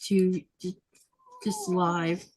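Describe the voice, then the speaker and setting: A woman's voice: on the low side, big pitch swings, drawn-out words, a little mellow. A woman hosting a casual sewing livestream, chatting and laughing often as she reads viewer comments aloud. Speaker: livestream host.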